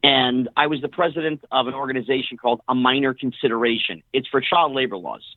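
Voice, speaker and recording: A middle-aged man, a guest on an interview show, telling casual stories in an animated way and acting out what other people said. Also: mid-range voice, fast talker, no room sound. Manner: animated storyteller who acts out quoted dialogue. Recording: tinny phone-line audio, dry.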